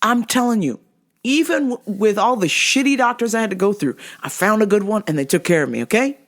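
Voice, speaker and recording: A woman's voice: mid-range voice, lively intonation, fairly quick. A woman hosting her own show, telling a blunt, profane story in a casual monologue. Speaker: podcast host.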